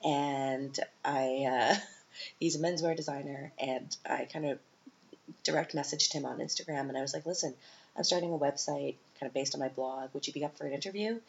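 A woman's voice: a bass voice, moderate pace, gravelly, highs cut off. A woman in her thirties hosting a casual solo podcast, chatty and self-mocking, with frequent fillers and restarts. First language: English. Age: 30s. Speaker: podcast host.

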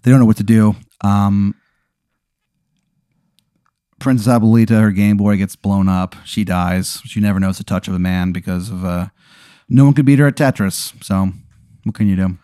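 Deadpan man spinning an absurd story. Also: on the low side, clear, resonant tone, dry recording, studio quality. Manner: deadpan, drawn-out narration with sudden absurd turns. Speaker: podcast host telling an improvised story. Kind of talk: comedic improvised storytelling.

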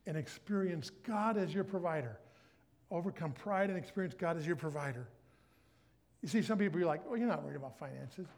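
Middle-aged male guest preacher, high-pitched, lively storyteller who voices the dialogue. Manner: animated storytelling, acts out his own inner dialogue. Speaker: guest speaker. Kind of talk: sermon.

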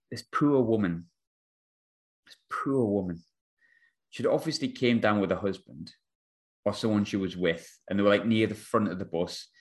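A young man, hosting a podcast and telling a funny story in casual, slangy chat. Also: on the low side. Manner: animated, laughing storyteller, slangy. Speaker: podcast host.

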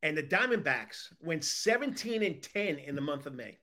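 Brief: upbeat male sports talk host, high and bright-voiced, leads the chat. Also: very animated, normal speed. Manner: upbeat, playful, leading the topics.

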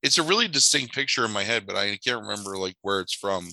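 Animated man with bright, lively voice. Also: fairly low pitch, fast talker, vocal fry, dry recording, rough recording. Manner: animated storyteller, swears casually, acts out voices. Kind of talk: casual chat.

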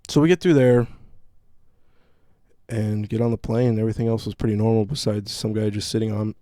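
A male podcast host telling a story in casual chat, with a profane, animated ranting manner. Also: lowish voice, dry recording, studio quality.

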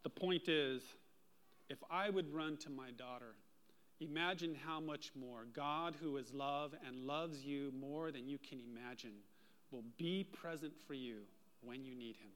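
A man preaching a sermon as pastor, telling a personal story with lively, animated delivery. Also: mid-range voice, measured pace.

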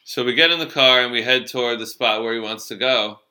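A man's voice: medium pitch, a little fast, bright, forceful tone. A middle-aged man telling a loose, profane story from his cab-driving days in a casual chat. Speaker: storyteller, former cab driver.

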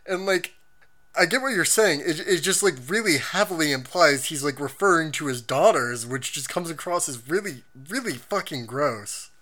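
Recapping anime in a relaxed chat, this podcast host walks through scenes and reads viewer comments aloud. The delivery is expressive and energetic at a moderate pace, with a medium pitch, including read-out episode summaries.

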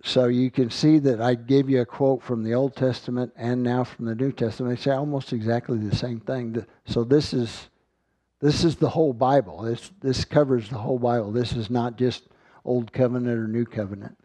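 A man's voice: medium pitch, steady tone, moderate pace, warm tone, no room sound. A man giving an earnest sermon, reading scripture aloud and often repeating words as he finds his thought. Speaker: Bible teacher.

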